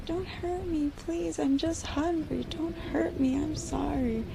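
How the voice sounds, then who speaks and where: A swarm of hungry mosquitoes whimpers and begs in a thin, high voice, as a woman puts it on. The pleading sound is piercing and creepy, told over a noisy home recording. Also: slow, gravelly, exaggerated voice.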